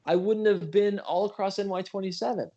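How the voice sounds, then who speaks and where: On a muffled recording, a middle-aged man speaks fairly quickly in a high-pitched, warm voice with a steady tone. A political candidate from Western New York, he hosts a casual livestream, earnestly telling stories, apologizing for going on too long and making self-deprecating asides.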